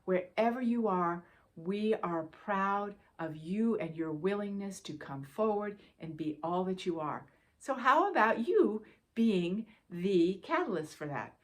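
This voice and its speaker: A woman spiritual teacher giving a gentle, reassuring guidance talk, speaking directly to her listeners and repeating key phrases for emphasis. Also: medium pitch, expressive, a little slow.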